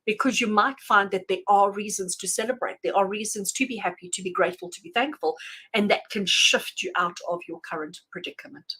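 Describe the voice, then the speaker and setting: A woman giving tarot readings on a live stream, chatty and animated, addressing viewers by name and laughing often. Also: on the high side, husky, poor audio. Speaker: tarot reader.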